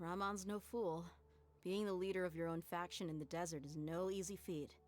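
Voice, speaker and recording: An actress voicing a calm, earnest young female traveler in a video game, speaking in a matter-of-fact way. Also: on the low side, moderate pace, a loud crowd, natural voice.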